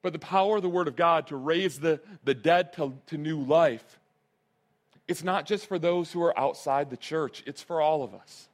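A man's voice: a little high, normal speed. A male pastor preaching a sermon, earnest and emphatic, repeating his key phrases.

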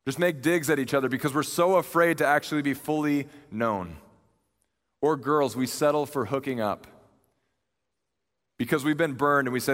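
A young man delivers a sermon in a casual, earnest voice at an average pitch. He retells the story with lively energy, and his voice rings out with the long reverb of a large hall. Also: normal speed, long pauses. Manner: conversational and earnest, animated retelling. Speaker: preacher.

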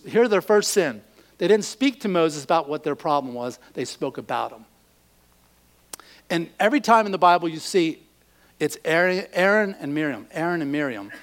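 Man, preacher, sermon, high voice, animated, acts out quotes.

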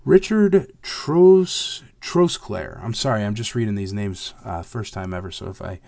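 Raspy-voiced man, low, dry sound. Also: steady tone, fairly quick, no room sound. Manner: rambling, many fillers, gets heated and emphatic about fakes. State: hoarse from illness. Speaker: host answering viewer questions. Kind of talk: casual chat.

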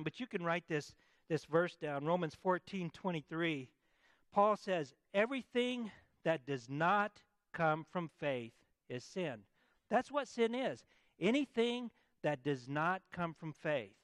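A man's voice: sits high, animated, unhurried, fairly bright tone, no room sound. A man preaching a sermon, talking easily with the congregation and asking it to repeat lines back to him. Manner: conversational preaching, asks the congregation to answer back. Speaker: pastor.

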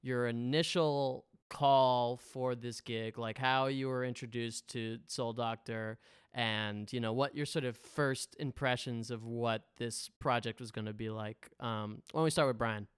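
Smooth-voiced male interview host. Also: mid-range voice, steady tone, unhurried, no echo, clean studio sound. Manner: easygoing, leading with open questions. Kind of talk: casual interview chat.

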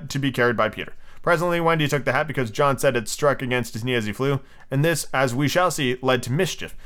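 A man's voice: medium pitch, fairly bright tone. A man hosting a podcast, reading a classic children's novel aloud in a casual way, with small slips, asides and page numbers called out. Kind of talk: casual storybook read-aloud.

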